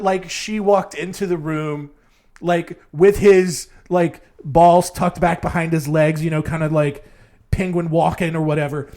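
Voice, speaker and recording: A man hosting a casual storytelling podcast, rambling and jokey and often laughing at his own asides. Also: sits high. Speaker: podcast host.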